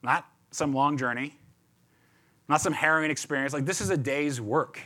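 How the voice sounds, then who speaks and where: A man's voice: a little high, moderate pace, bright, forceful tone. A man giving a chatty, conversational sermon as a pastor, often repeating words and checking in with "right?".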